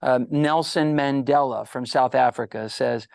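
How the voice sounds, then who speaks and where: A middle-aged man with a gravelly, fry-edged voice tells animated stories as an interview guest. He jumps into the voices of the people he quotes. The sound is close and dry, with no room echo. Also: medium pitch, normal speed, few pauses. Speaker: guest psychologist. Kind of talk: storytelling interview answers.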